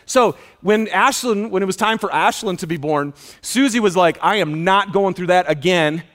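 Male pastor, high voice, animated sermon storyteller who shouts out quoted lines. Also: normal speed. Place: auditorium.

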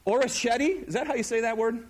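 A middle-aged male pastor preaching an animated, conversational sermon and asking the audience questions. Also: high voice, a little fast.

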